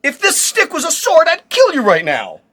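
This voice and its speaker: A man's voice: very high voice, huge pitch swings, normal speed, a bit bright, voice pushed up, full character voice. A man voicing a shifty male prophet who answers in a sulky, offhand way. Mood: defensive.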